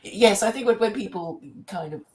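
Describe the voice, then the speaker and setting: A woman hosting a casual chat, lively and given to repeating words. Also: medium pitch, normal speed, slight background noise. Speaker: host.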